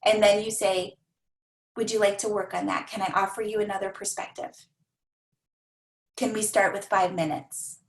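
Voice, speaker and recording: Energetic woman coaching her team, echoey room. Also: medium pitch, moderate pace, long pauses. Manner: energetic, repeats phrases, acts out clients' voices.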